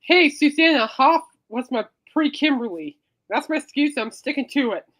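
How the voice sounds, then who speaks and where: A woman's voice: sits high, lively intonation, normal speed, fairly bright tone. A woman hosting a podcast in casual chat, playful and teasing, rambling from joke to joke. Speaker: podcast host.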